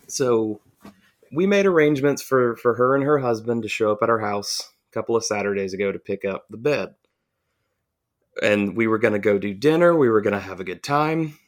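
Profane man telling a rambling story. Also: on the low side. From southern United States. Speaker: podcast co-host. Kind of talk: casual storytelling chat.

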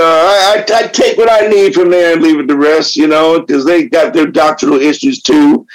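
A man in his seventies sharing his personal story at a recovery meeting, cursing freely, laughing often and swinging between loud outbursts and quiet reflection. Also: extremely high pitch, low-quality recording. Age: 70s. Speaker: AA meeting speaker.

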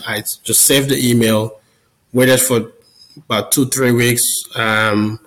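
A man's voice: medium pitch, fairly even intonation, slow, fairly bright tone, poor audio. A man as a podcast guest, telling his personal testimony in an earnest, conversational way and often repeating words as he goes. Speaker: podcast guest, Catholic business founder.

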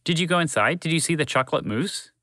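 A man's voice: quick pace, no echo, studio quality. A man voicing a playful, unpredictable male talking horse in a children's audio story. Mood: excited. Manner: excitable, jokey, high and bouncy.

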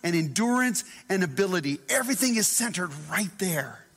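A high-pitched man preaches with animated, dramatic delivery. He acts out the voices of scripture and sometimes drops to a hush. His voice rings with long reverb through a church hall. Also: brisk, slightly rough. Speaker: pastor. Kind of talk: sermon.

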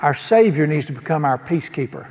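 A man's voice: on the high side, expressive, fast, a little mellow, long reverb tail. A man preaching a sermon as pastor, folksy and joking, often asking the congregation questions. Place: church sanctuary.

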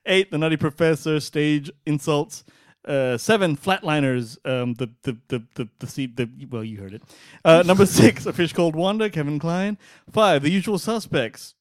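A man co-hosting a casual podcast chat. He talks in an animated, rambling way, with frequent restarts and laughs. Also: fairly high pitch, moderate pace, no echo, studio quality. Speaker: podcast co-host.

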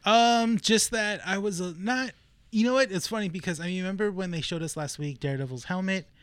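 A man's voice: high voice, brisk, clear, resonant tone, no room sound. A man co-hosting a podcast, rambling casually with lots of fillers and laughs. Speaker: podcast co-host. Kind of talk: casual chat reviewing a TV episode.

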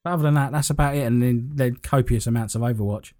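A man's voice: medium pitch, fast talker, mellow, no echo, studio quality. A man chatting casually, rambling and poking fun at himself as he tells a story. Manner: rambling, self-deprecating storytelling. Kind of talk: casual chat.

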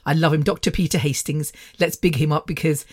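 A woman's voice: deep voice, steady tone, a little fast, darkish tone, husky. Middle-aged British woman, casual podcast host, rambling storyteller. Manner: chatty, rambling, laughs often. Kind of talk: casual personal monologue.

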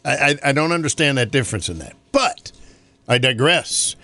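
A man's voice: medium pitch, sing-song, moderate pace, bright, forceful tone, no room sound. A man from North Carolina hosting a morning radio show, chatting casually in a rambling way and laughing often.

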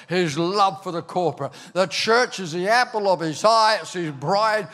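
An older man from Ireland, preaching a sermon as a pastor, telling stories with animated bursts into shouting. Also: high voice, normal speed, few pauses. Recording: long hall reverb.

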